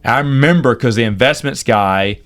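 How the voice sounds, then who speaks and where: A man in his forties casually telling stories from his life as a podcast host, acting out the people in them with big jumps in his voice. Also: moderate pace. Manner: animated, acts out quoted people with big pitch jumps. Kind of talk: casual storytelling.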